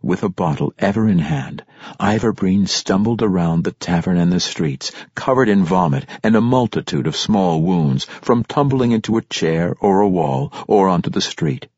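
Low husky male audiobook narrator. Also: expressive, moderate pace, darkish tone, dry recording. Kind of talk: scripted fantasy narration. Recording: dull lo-fi dry recording.

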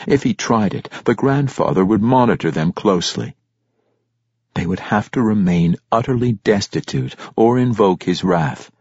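A man narrating a fantasy audiobook in a measured, expressive storytelling manner. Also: lowish voice, vocal fry, slightly rough, no echo. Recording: dull lo-fi dry recording.

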